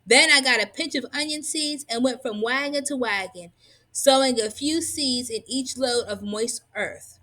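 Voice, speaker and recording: A woman's voice: high voice, a little slow. Woman reading a storybook aloud. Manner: expressive, lively storytelling. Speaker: reader.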